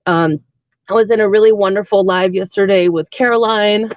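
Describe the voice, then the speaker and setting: A woman's voice: mid-range voice, steady tone, moderate pace, no echo. A woman in her thirties talks loosely to her stream viewers, full of likes and ums as she wanders between topics. The sound is dry and close, with a dull lo-fi edge from the stream mic. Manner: chatty and rambling, many fillers and likes. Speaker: live streamer. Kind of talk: casual live-stream chat.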